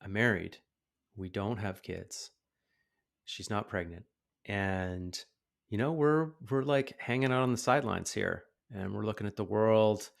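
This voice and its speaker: A man in his thirties tells a story on a podcast in a loose, animated way, jumping into the voices of the people in it. His voice sits low with a gravelly edge. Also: measured pace. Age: 30s. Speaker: podcast host. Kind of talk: casual podcast conversation.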